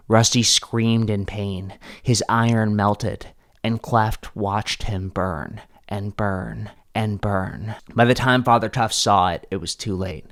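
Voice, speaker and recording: Low-voiced man narrating a dramatic tale. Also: fairly bright tone, no room sound, clean studio sound. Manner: dramatic, with sudden shifts in pace. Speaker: storyteller. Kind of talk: scripted story narration.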